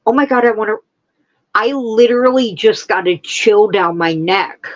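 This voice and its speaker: A woman hosting a casual livestream, chatting and gushing with excitement. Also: mid-range voice, normal speed, dull audio. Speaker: livestream host. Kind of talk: casual chat.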